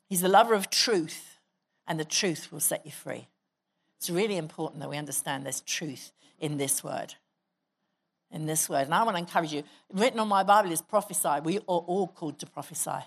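A woman pastor preaching a sermon in church, exhorting the congregation and leading them in prayer. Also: mid-range voice. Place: church hall.

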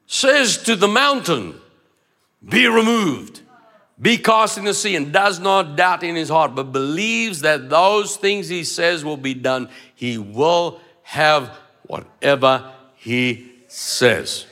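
A man's voice: a little high, sharp tone. A man preaching a sermon, emphatic, repeating phrases and acting out dialogue. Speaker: pastor.

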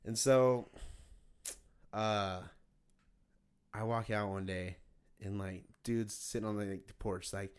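A young man in relaxed podcast chat, spinning wild stories with lots of swearing and laughter. He jumps into other people's voices as he tells them, lively and animated throughout. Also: on the low side, slow, pauses often, clean tone. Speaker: podcast co-host. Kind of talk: casual storytelling chat.

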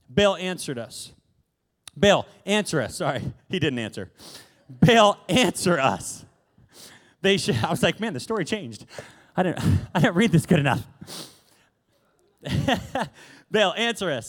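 A man preaching a casual sermon, retelling a Bible story with jokes and asides. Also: high voice. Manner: casual and joking, laughs between lines. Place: church hall.

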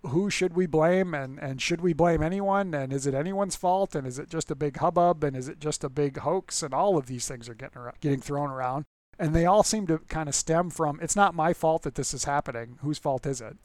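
A man's voice: fairly high pitch, fairly quick, a little mellow, dry recording. A man preaching as a pastor in a casual, conversational way, often restarting words and acting out the people in the story. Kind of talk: conversational sermon.

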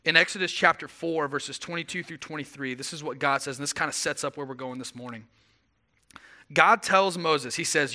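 A young man preaching a sermon as pastor, retelling the story with animated voices for the characters. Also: a little high, a little fast.

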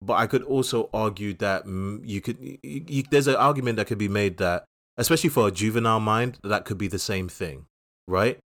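A man's voice: lowish voice, a little fast, fairly bright tone. A man co-hosting a casual podcast, chatting about films in a rambling, jokey way with many restarts. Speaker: podcast co-host. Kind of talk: casual podcast film chat.

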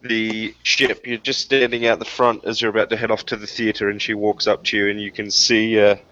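A man running a tabletop game as game master over a voice call, jokey and halting with fillers. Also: lowish voice, flat delivery, sharp tone, highs cut off.

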